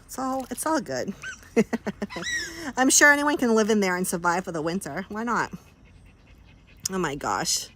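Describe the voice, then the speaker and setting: A woman's voice: mid-range voice, sing-song, a little fast, few pauses, a bit bright. A woman chatting casually on a phone live stream outdoors by a pool, rambling and teasing her dogs. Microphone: handheld phone. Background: dogs barking.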